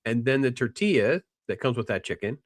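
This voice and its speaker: A man hosting a casual film discussion, rambling with restarts and animated quoting of characters. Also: medium pitch, a little fast, no room sound, clean studio sound. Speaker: podcast host.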